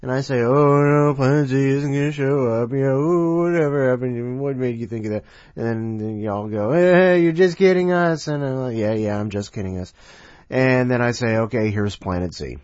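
A man's voice: mid-range voice, fairly even intonation, moderate pace, a little mellow, dry recording. A man hosts a casual podcast, rambling and joking at his own expense between contributions. His voice sits mid-range, dry and close, with a slightly dull tone. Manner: rambling, playful, self-mocking. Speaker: podcast host. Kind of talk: casual show hosting. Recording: dry, slightly muffled home recording.

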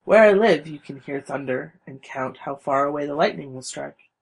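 Male contributor reading his story, reflective; slightly high, gravelly voice. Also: normal speed, poor audio. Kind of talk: reading a short personal story.

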